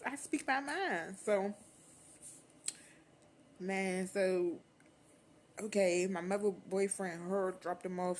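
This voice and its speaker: Young woman, storytime vlog, slangy, cursing, animated, medium pitch, faint background noise. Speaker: vlogger. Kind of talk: casual storytime.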